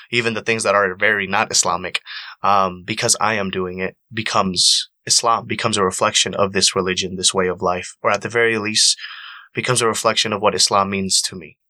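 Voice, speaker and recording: A young man with a fairly low voice that still sounds bright and forward. He speaks earnestly and with emotion, repeating phrases to drive his point home. The recording is close and dry. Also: fairly even intonation, a little fast, dry recording. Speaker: actor and panelist. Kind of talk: personal storytelling on a panel.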